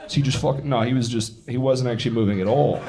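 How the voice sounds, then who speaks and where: A man's voice: medium pitch, fast talker, heavy background noise. A young man from England and California doing a brash, profane, self-mocking stand-up set with crowd work. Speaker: stand-up comedian. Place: theater stage before a laughing audience. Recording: live show with loud crowd laughter.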